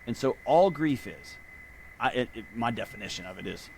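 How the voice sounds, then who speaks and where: A man, a podcast guest, talking in a casual conversation and telling animated stories. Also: mid-range voice, moderate pace, a little hiss or hum. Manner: animated storyteller.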